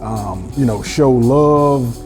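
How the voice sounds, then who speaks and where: A man's voice: medium pitch, slow pace, music in the background. A man who is a football coach, speaking as a guest in an easygoing, reflective way. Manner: easygoing, reflective, many "you know"s. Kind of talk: casual conversation.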